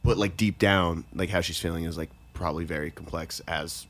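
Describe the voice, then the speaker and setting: A man's voice: low voice, steady tone, fairly quick, a bit bright. A young man co-hosting a podcast, talking in a supportive, hesitant way with many fillers. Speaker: podcast co-host. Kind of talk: casual podcast chat.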